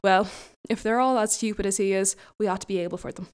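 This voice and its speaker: A woman's voice: medium pitch, fairly even intonation, fast, clear, resonant tone, close to an everyday voice. A woman doing a cheery young shepherd. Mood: amused. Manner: friendly, hailing loudly. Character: good-natured young male shepherd.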